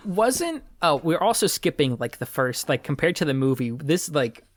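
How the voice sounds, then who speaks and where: A man's voice: fairly high pitch, sing-song, moderate pace, no room sound. A man co-hosting a casual podcast, chatty and laughing often, with a lot of filler words. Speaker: podcast co-host. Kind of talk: casual podcast chat and read-along.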